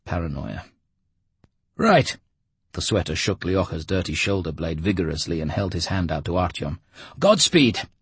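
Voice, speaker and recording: A man reading an audiobook in a measured, steady storytelling manner. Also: deep voice, breathy edge, no echo. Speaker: audiobook narrator. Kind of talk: scripted narration.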